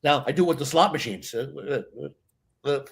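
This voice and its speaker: A man, a stage hypnotist, chatting in a casual interview and telling lively stories, acting out other people's voices. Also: mid-range voice, moderate pace, creaky. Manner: animated storyteller, acts out voices.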